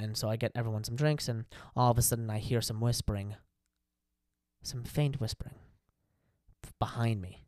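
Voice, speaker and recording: A man's voice: mid-range voice, normal speed, no echo. A man tells a story on a casual podcast. He acts out each quote as he goes. The sound is dry and close, with no room around his voice. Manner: animated storyteller acting out quotes. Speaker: podcast co-host.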